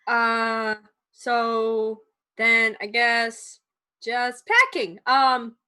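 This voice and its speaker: Slow, hesitant bright-voiced woman. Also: on the high side, clear, resonant tone. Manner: hesitant, slow, many fillers. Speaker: player.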